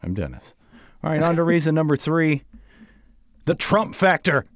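A man's voice: fairly high pitch, big pitch swings, normal speed, no room sound, studio quality. A male podcast co-host speaking dryly and matter-of-factly, a bit off-mic. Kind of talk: political commentary chat.

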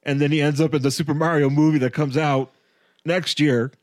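A man's voice: a little high, flat delivery, brisk, a little mellow, dry recording, studio quality. A man co-hosting a podcast in casual chat, rambling and restarting his sentences and laughing often as he talks about movies. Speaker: podcast co-host.

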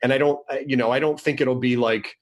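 A man's voice: medium pitch, steady tone, fast talker. A man in casual conversation, talking in a rambling, hesitant way with many restarts.

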